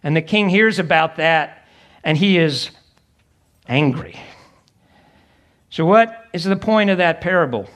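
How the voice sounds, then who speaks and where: A man's voice: a little high, animated, a little slow, long pauses, a bit bright. Man preaching a conversational sermon. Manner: conversational preaching, acts out quoted voices. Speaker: pastor.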